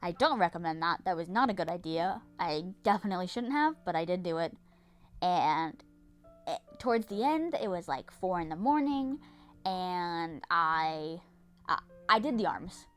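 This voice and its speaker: A woman's voice: lowish voice, animated, normal speed, clear, resonant tone, faint music behind. A young woman narrating her vlog in a casual, dramatic way, swearing and repeating herself often. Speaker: vlogger.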